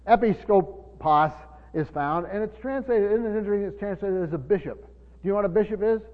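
A man's voice: sits high, expressive, fast talker. A man preaching a Bible-teaching sermon, stumbling over repeated words and asking the congregation questions. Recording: dull hall recording with reverb.

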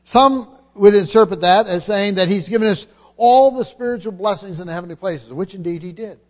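Emphatic high-voiced male preacher. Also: a little fast, long reverb tail. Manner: emphatic, repeats key phrases, frequent restarts. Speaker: pastor. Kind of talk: expository sermon.

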